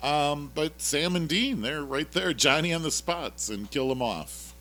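A man's voice: on the high side, lively intonation, a little slow, sharp tone. A man co-hosting a casual podcast, retelling a TV episode in a rambling, jokey way with lots of fillers. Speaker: podcast co-host recapping a TV episode. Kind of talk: casual chat.

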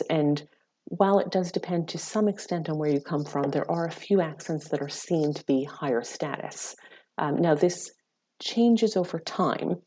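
Low mellow-voiced woman researcher. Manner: measured, explanatory, with frequent ums. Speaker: psychology researcher. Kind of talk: expert interview answers.

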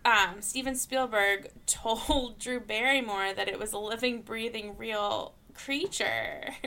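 A woman's voice: on the high side, takes it slowly, bright, forceful tone. A woman in casual chat, sharing trivia with a few fillers.

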